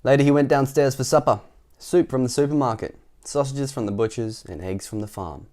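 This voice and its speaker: A man's voice: mid-range voice, fairly quick, a little mellow. A young man hosting a children's storytime, reading a storybook aloud with chuckling asides between passages. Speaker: storytime host.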